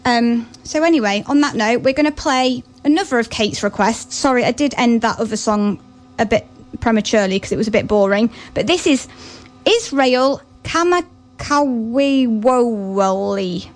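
A woman hosting a radio show, chatting casually and rambling between songs. She sounds nervous and excited, with giggles. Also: on the high side, brisk. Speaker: radio host.

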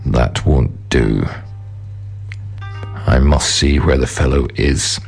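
A man voicing a grim male ghost warrior with a gruff, deep voice and slow muttering delivery. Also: darkish tone, soft background music, full character voice.

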